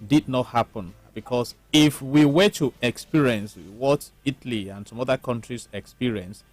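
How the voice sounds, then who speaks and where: A man speaking as a lawyer on a live panel, laying out his points in a steady, lecturing manner. His pitch is middle range, and the sound is dry and close, with faint music behind. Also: no echo. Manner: measured, explanatory, lecturing. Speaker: lawyer guest. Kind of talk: panel discussion.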